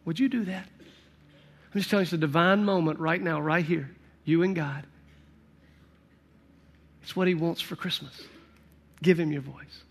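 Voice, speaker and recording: An earnest male pastor leads a sermon and prayer, his voice sitting a little high. He leans on repeated phrases with emphatic conviction. A long reverb trails his words through a large church hall. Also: fairly even intonation, measured pace, pauses often. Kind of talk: sermon with altar call and prayer.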